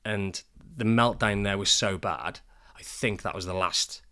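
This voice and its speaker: A man co-hosting a podcast, telling parenting stories in a lively way and acting out the voices of the people he quotes. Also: lowish voice, measured pace. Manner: animated storyteller, acts out quoted voices. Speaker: podcast co-host. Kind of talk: casual podcast chat.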